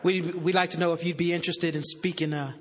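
A woman voicing a hesitant male official calling on the phone, slow and full of pauses. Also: fairly high pitch, little pitch movement, big-room sound, crowd noise, background noise, pitched below the performer's own voice, lightly acted. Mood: formal. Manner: halting, full of uhs.

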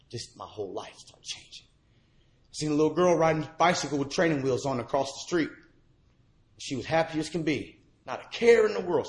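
A man telling his personal recovery story to a meeting in a church room. He talks earnestly and swings from hushed lows to shouted peaks. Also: slight background noise. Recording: echoey room.

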